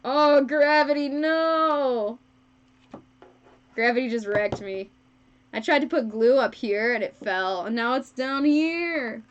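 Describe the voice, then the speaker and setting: A woman with a high voice chats with her stream viewers while she sews, unhurried and slow to get her words out. She giggles often and pokes fun at herself. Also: highs cut off. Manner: giggly and self-deprecating, laughs often. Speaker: fursuit maker streaming live. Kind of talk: casual live-stream chat with viewers. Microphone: wrong microphone.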